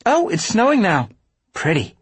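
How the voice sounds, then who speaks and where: Teasing young woman, read by a man, lively and lifted, husky edge. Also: high-pitched, moderate pace, no room sound, pitched above the performer's own voice, exaggerated voice.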